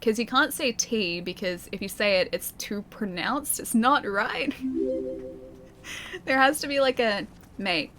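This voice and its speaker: On the high side and a little slow, a young woman's bright voice carries a light Australian accent as she laughs her way through a game stream. She reads chat aloud in casual commentary, giggly and quick to make fun of herself. A faint hiss or hum sits under the audio.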